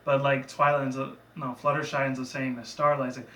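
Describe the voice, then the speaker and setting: A man's voice: medium pitch, little pitch movement, brisk, a bit bright, distant mic, slight background noise. A man casually recapping a cartoon episode in a rambling, loose way, with profane asides. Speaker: reviewer. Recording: echoey room, away from the mic.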